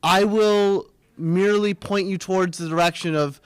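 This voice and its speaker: A young man hosting a casual live student TV segment, joking and mock-pompous with quick asides. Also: high-pitched, steady tone, clean tone, dry recording. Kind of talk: casual live-stream banter. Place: small studio room.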